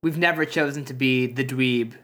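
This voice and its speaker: A man co-hosting a comedy podcast, cracking dry, deadpan jokes in casual banter. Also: medium pitch, moderate pace. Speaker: podcast co-host.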